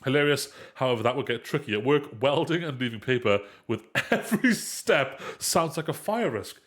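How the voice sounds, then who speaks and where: A man's voice: medium pitch, expressive, moderate pace. A man hosting a live podcast, sounding congested and stuffy, rambling and correcting himself as he talks. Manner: rambling, self-correcting, playful. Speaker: podcast host. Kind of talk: casual podcast chat.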